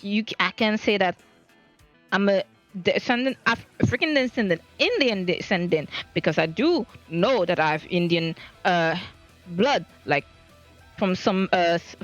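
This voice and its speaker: Woman, streamer, casual monologue, stammering restarts, animated pitch, soft music in the background. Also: dull audio. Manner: rambling, flustered, stammers and restarts.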